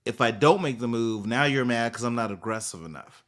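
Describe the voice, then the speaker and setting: A man's voice: mid-range voice, a little fast. A man co-hosting a podcast, chatting casually and acting out little scenes as he argues his point. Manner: animated, acts out little scenes. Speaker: podcast co-host. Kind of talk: casual chat.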